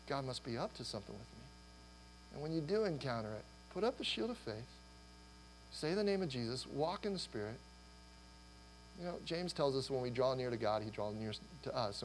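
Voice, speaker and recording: A middle-aged man preaching a sermon, animated and rambling, with restarts and laughter, his voice going hoarse. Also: mid-range voice, slight background noise, low-quality recording. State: losing his voice. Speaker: pastor.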